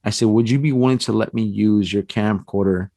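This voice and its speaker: A man telling a personal ghost story on a podcast, animated and acting out the voices in his tale. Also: fairly low pitch, fairly quick, dry recording. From San Antonio, Texas. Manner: animated storyteller, acts out quotes, frequent restarts and "man". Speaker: paranormal investigator guest.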